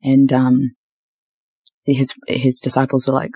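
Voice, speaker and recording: A woman's voice: very deep voice, steady tone, moderate pace, mellow, slightly rough, no echo. A young woman telling a candid personal faith story in casual chat, with frequent ums and likes. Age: young adult. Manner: candid, faith-filled storytelling with lots of fillers. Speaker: podcast host.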